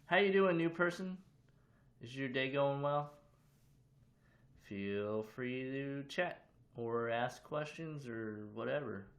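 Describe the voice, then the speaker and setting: A man's voice: medium pitch, lively intonation, takes it slowly, pauses often. A man casually hosting a livestream from his room, chatting loosely and greeting viewers with questions. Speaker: livestream host.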